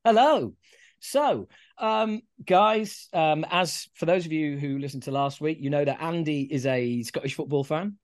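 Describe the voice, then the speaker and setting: Male podcast host, joking and sweary, slightly higher voice, chatty. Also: a little slow. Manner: sweary, self-mocking humour. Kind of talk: casual football chat.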